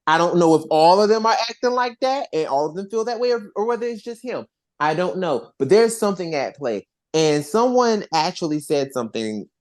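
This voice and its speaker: A podcast host in casual chat, talking in an animated, rambling way with frequent restarts and swearing. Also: mid-range voice, a little fast.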